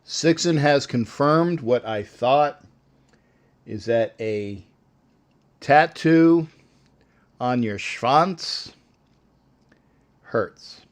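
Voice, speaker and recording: A man's voice: medium pitch, drawn-out words, pauses often. An older man hosting a sports show, rambling and joking with callers in a casual live-stream chat.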